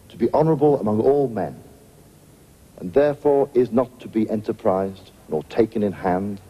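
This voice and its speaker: A solemn wedding vicar. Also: male voice, on the low side, warm tone, slightly rough, lo-fi sound. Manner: slow ceremonial intoning. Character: solemn male clergyman conducting a wedding.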